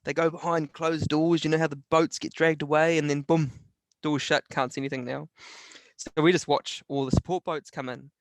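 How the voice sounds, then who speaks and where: Excited Kiwi podcast co-host. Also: male voice, a little high, moderate pace, dry recording. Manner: enthusiastic, animated storyteller. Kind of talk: casual chat. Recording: dry close recording.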